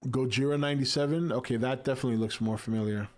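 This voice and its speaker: A man's voice: mid-range voice, steady tone, racing, a little mellow. Laid-back man reading live chat. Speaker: livestream host reading chat. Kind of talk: casual chat.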